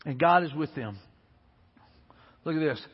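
A man's voice: a little high, expressive, a little slow, slightly rough. A man from Alabama preaching a sermon as pastor, earnest and conversational, repeating his points, recorded dull in a church sanctuary with a long hall echo.

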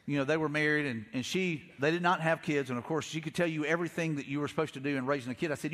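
Middle-aged preacher, rapid storyteller with a slightly high voice, recorded live with long hall reverb. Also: male voice, fairly bright tone. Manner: storytelling, acts out quotes, frequent repeats. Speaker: pastor. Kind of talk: conversational sermon.

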